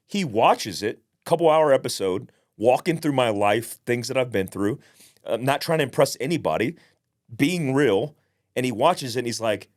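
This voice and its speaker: A man's voice: medium pitch, lively intonation, normal speed. A man co-hosting a podcast, telling stories in a blunt, profane, casual way. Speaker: podcast co-host.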